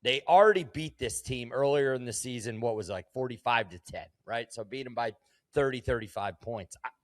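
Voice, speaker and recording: A man's voice: medium pitch, fairly quick, dry recording. Blunt, profane male betting co-host. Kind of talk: casual sports betting chat.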